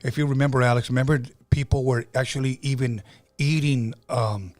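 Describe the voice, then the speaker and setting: A man's voice: mid-range voice, fairly even intonation, fairly quick, darkish tone. A middle-aged man hosting a podcast, telling stories in a casual, conversational way with frequent fillers and restarts. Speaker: podcast host.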